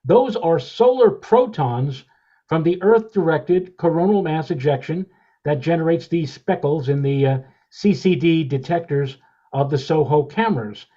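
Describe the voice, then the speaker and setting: A man co-hosting a weather podcast, explaining a space image step by step in a measured way. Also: fairly high pitch, expressive, mellow, muffled recording. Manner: measured, explanatory, with many uh fillers. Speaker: podcast co-host, meteorologist.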